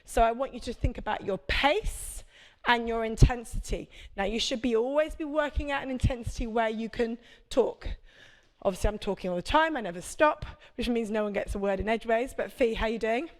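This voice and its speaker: A woman's voice: on the high side, a little fast. A woman, a prenatal fitness instructor, coaching a live workout class with chatty, encouraging cues and check-ins.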